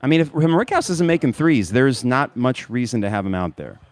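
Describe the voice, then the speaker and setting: A man's voice: mid-range voice, normal speed, dry recording. A man hosting a podcast, giving casual live play-by-play of a basketball game while suffering through hot sauces. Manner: animated, pained and laughing from hot sauce. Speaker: podcast host.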